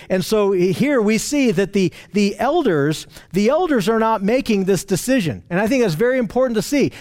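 A man's voice: sits high, darkish tone. A man leading a conversational Bible study, repeating and restarting phrases, pointing out what to notice and putting questions to his group.

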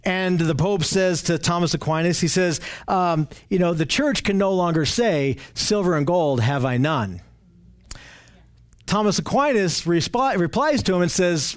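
Man with a high voice leading a group Bible study, earnest and explanatory. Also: animated, unhurried. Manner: earnest and explanatory, often asks the group questions.

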